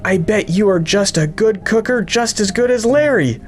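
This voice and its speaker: A man's voice: high-pitched, animated, normal speed, faint music behind, voice pushed up. A man voicing an eager, chatty young boy who keeps talking about food, for a storybook reading.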